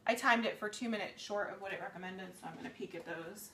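A woman in her thirties chats her way through a live cooking demo in her home kitchen, with a middle-pitched voice that sounds a little worn. She rambles and often corrects herself mid-sentence. A faint noise sits under her voice. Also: fast, fairly bright tone. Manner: chatty, rambling, with frequent self-corrections. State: voice slightly worn. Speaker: home cook hosting a live cooking stream. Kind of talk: live cooking demonstration, casual chat.

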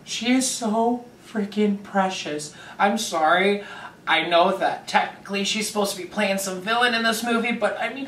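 A young man hosting a reaction video, gushing dramatically and breaking into quick asides as he reacts. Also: sits high, fairly bright tone, a little hiss or hum. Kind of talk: excited reaction commentary. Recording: echoey room, distant mic.

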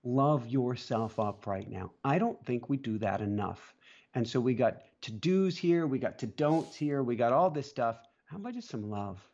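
A man's voice: medium pitch, moderate pace, dull audio. A man co-hosting a casual chat, telling stories with lots of laughter. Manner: animated storyteller, laughs often. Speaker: co-host.

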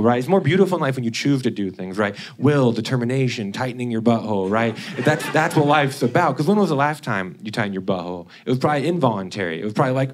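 A man doing a stand-up comedy set on a cabaret club stage, animated and laughing between bits, setting up goofy deadpan impressions. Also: fairly high pitch. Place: cabaret club stage before a live audience. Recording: live club recording with audible noise.

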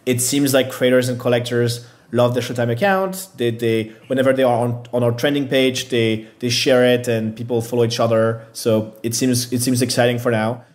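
Male founder guest, mid-pitch, halting delivery full of "like" and restarts. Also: darkish tone. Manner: hesitant, filler-heavy, self-deprecating. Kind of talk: casual interview answers.

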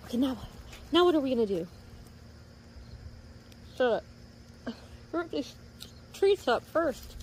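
Woman, high voice, swoops up and down, playful coaxing, faint outdoor noise behind. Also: expressive, takes it slowly, pauses often. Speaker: pet owner. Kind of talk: casual pet training commentary.

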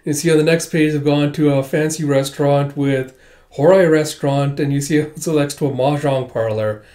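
Male comic reader, casual and crude, a bit high-voiced. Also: a little fast. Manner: chatty, excitable, crude. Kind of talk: casual comic read-along commentary.

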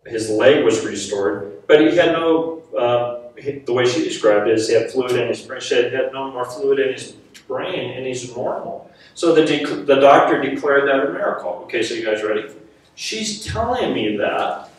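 A man's voice: mid-range voice, normal speed. Self-mocking preacher man in an echoey hall. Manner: animated, self-mocking, laughs often. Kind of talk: sermon storytelling to a live audience. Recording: echoey hall, mic at a distance.

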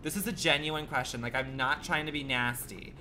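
A man's voice: a little high, brisk, pushed and bright, slight background noise. A man livestreaming a game, chatting with his viewers in a sassy, campy, profane way, full of rambling rhetorical questions. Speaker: gaming livestreamer. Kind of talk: casual stream chat.

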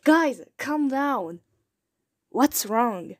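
A woman's voice: sits high, lively intonation, slow, no echo. A woman with a French accent, a native French speaker, reading fan voice audition lines, retaking them and giggling between takes.

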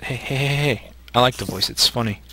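A man's voice: medium pitch, a little fast, a crowd in the background. A man hosting a co-op survival game, chatting casually and teasing his partner while he plays and thinks aloud. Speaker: host playing a co-op survival game. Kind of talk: casual gameplay chat.

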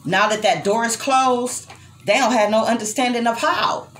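A woman's voice: a little high, normal speed, background noise. A young adult woman giving an emotional tarot reading to her viewers, swearing freely and speaking tenderly to the listener. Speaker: tarot reader.

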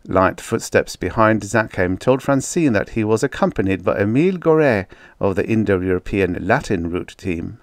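A man reading a science fiction story aloud as an audiobook narrator, in a steady, descriptive manner. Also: lowish voice, moderate pace, no echo, clean studio sound. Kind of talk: scripted narration.

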